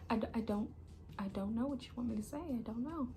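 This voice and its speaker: A young woman gives an impassioned personal monologue, angry and emphatic, repeating herself and often dropping to an intense hush. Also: a little high, fast, soft background music. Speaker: channel host.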